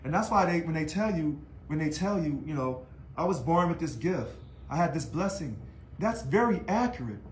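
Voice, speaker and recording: A man talking to camera in a casual video monologue about his union work, animated and taunting, full of rhetorical questions. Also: fairly high pitch, normal speed, slight background noise. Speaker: union leader. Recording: echoey room.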